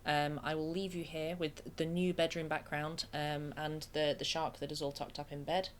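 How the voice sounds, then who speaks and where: A woman's voice: deep voice, little pitch movement, moderate pace, slight background noise. A woman from England chatting casually and getting sidetracked while streaming a video game from her bedroom. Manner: chatty, self-deprecating, easily distracted. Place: home bedroom.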